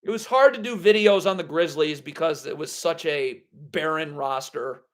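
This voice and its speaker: High-pitched guy ranting live at home, blunt and sarcastic. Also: moderate pace. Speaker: basketball livestream host. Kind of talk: live draft reaction stream.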